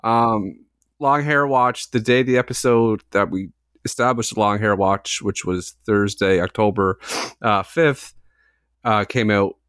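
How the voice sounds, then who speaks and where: A man's voice: lowish voice, measured pace, fairly bright tone, clean tone, dry recording. Rambling man in his forties, dry sound. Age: 40s. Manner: rambling, self-mocking storytelling with filler words and casual swearing. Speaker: podcast co-host. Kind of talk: casual chat.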